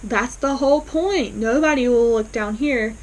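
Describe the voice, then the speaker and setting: Woman doing a hyped-up man-child sheriff, eager, a bit higher. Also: normal speed, darkish tone, close to an everyday voice.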